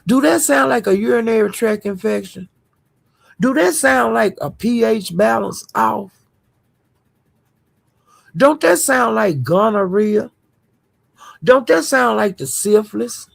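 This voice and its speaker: Gravelly, husky woman vlogger dishing gossip. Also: on the high side, lively intonation, slow pace, long pauses. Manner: blunt, profane and indignant, addresses viewers directly. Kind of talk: casual gossip commentary.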